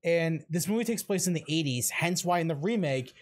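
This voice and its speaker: A man co-hosting a casual horror podcast, excitable, swearing freely and trailing off into fillers. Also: a little high, a little fast. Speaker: podcast co-host. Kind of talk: casual chat.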